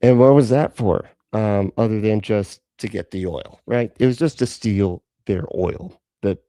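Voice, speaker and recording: A man's voice: on the low side, measured pace, dark tone, no echo. A man hosting a live stream, reacting in casual, profane, rambling chat from close to the mic.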